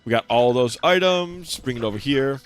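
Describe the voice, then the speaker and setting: A man's voice: medium pitch, expressive, moderate pace. A young man giving casual, rambling commentary while streaming a video game, with lots of fillers and restarts. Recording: faint game music behind.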